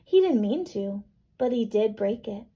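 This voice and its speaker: A woman teacher reading a picture book to children, gently explaining and checking in with little questions. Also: fairly high pitch, animated, measured pace, slightly rough, rough recording. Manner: gentle, checks in with "right?" and "okay?".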